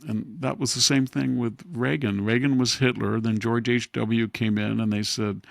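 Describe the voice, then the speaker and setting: A man's voice: fairly low pitch, a little slow, gravelly, a bit bright, no echo, studio quality. A man hosting a podcast, giving casual political commentary in a sarcastic, wry way. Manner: sarcastic, wry, laughs at his own jabs. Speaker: podcast host.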